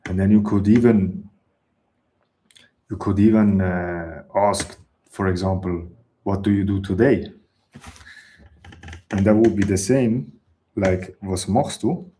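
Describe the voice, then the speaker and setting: Male teacher, unhurried and patient, low voice. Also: steady tone, dark tone, a little hiss or hum. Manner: slow, patient explaining with example sentences. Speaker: German teacher. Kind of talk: language lesson.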